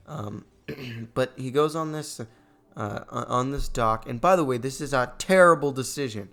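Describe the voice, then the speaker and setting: A young man giving a ranting movie review, exasperated and sarcastic, his voice going a bit hoarse. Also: medium pitch, a bit bright. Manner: exasperated, sarcastic, voice spikes when annoyed. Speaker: gaming channel host reviewing a movie.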